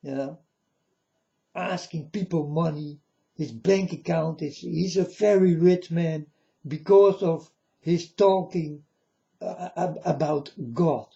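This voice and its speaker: A man giving an earnest, halting religious monologue to camera in non-native phrasing. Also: on the high side, gravelly, warm tone, highs cut off. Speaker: religious video maker.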